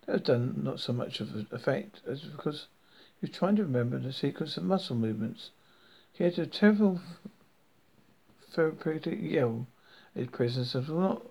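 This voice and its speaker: A man reading a novel aloud in a halting, self-correcting way. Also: a little high, gravelly, a little mellow, breathy edge, low-quality recording. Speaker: reader.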